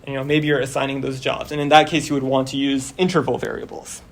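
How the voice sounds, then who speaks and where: A young man teaching a university class, talking casually and filling pauses with "like" and "um", his voice a bit worn as he starts losing it. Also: mid-range voice, level tone. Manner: casual, explains step by step with many fillers. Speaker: course instructor. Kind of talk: university lecture.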